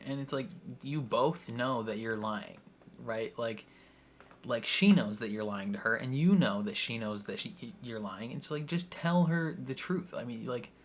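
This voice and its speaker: A man's voice: mid-range voice, unhurried. Chatty young guy, rambling reaction. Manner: rambling, laughs often, heavy use of "like". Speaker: reaction video host. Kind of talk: casual TV reaction commentary.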